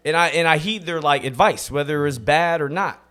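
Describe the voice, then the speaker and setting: A man guesting on a podcast, making his points quickly and emphatically. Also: fairly high pitch, bright, forceful tone. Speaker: comedian guest. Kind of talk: casual chat.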